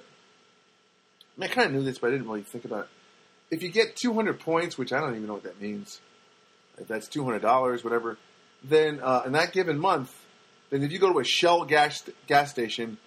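Husky man rambling through a podcast monologue. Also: mid-range voice, lively intonation, brisk, a bit bright, rough recording. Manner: rambling storyteller, acts out quoted people. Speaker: podcast host. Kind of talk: casual monologue. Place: Los Angeles.

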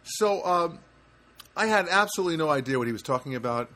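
This podcast host's voice is fairly high, expressive, fast, pushed and bright. Alone at his home studio apartment with a homemade setup, he chats casually, rambling through stories with lots of fillers and self-corrections.

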